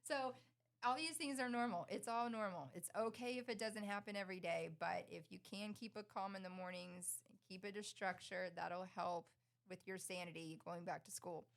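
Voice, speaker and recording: A middle-aged woman co-hosting a casual podcast chat, bubbly and quick to laugh, acting out her mornings with her son. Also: mid-range voice, vocal fry. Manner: bubbly, laughs often, animated retellings. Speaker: podcast co-host.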